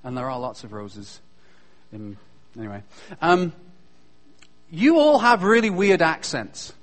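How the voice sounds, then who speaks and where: A man's voice: a little high, unhurried. A man with a British accent giving a humorous, self-deprecating chapel talk to school students. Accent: British English. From Britain. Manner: joking, self-deprecating, lively storyteller.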